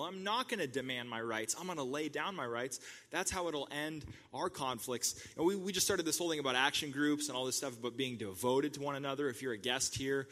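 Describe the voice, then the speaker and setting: A man's voice: mid-range voice, sharp tone, long reverb tail. A man preaching a sermon as the pastor of his church, talking in a conversational way and laughing at his own stories.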